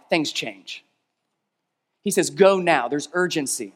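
A male pastor delivering a sermon, leading a call-and-response and swinging between emphatic peaks and quiet, low stretches. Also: very animated, slow pace. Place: large church hall. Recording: long reverb of a large hall.

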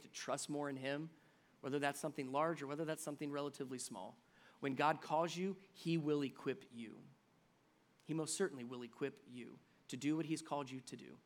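A middle-aged man preaching a sermon as pastor, swinging from loud emphatic build-ups to near-whispered pleading. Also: on the high side, moderate pace.

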